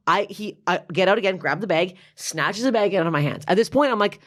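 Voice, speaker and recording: A woman comedian in her thirties, a podcast guest, telling a story in casual chat with heavy swearing and animated delivery. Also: lowish voice, moderate pace, hardly any pauses.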